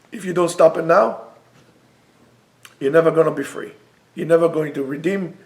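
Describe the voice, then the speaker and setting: Emphatic rabbi, high gravelly voice. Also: male voice. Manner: emphatic, rising to near-shouts on key points. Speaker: rabbi teaching a class. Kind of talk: Torah lecture on materialism. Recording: roomy echo.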